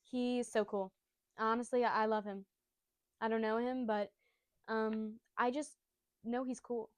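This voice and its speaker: A woman's voice: a little high, little pitch movement, unhurried, smooth, no room sound. A woman casually retelling a comic chapter, bubbly and rambling, full of jokey asides. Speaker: storyteller recapping a manga.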